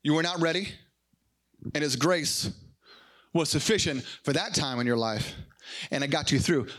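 A man preaching a sermon, animated and acting out little dialogues as he goes. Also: a little high, moderate pace. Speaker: pastor.

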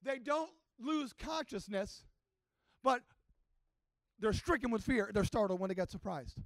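A man preaching a sermon, telling a story with passion and rising to shouts. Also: high voice, lively intonation, a little slow, dry recording. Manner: impassioned storytelling that builds to shouting. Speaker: pastor.

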